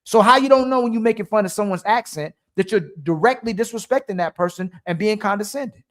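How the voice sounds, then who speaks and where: Fast-talking man in heated stream talk. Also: high voice, a bit bright. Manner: rapid, heated, repeating himself. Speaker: stream co-host.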